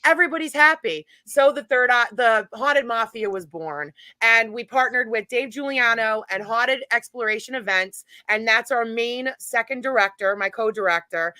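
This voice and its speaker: Forceful, chatty woman telling a story. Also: on the high side, normal speed, hardly any pauses, no room sound. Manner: animated, chatty anecdote-telling with laughs. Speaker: guest, paranormal event organizer. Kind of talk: casual storytelling chat.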